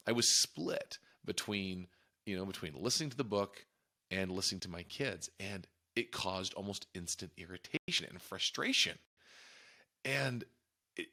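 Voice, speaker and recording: A man's voice: lowish voice, pushed and bright. A man hosting a podcast, talking in an earnest, reflective way and often restarting or repeating his phrases. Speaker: podcast host. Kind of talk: casual reflective monologue.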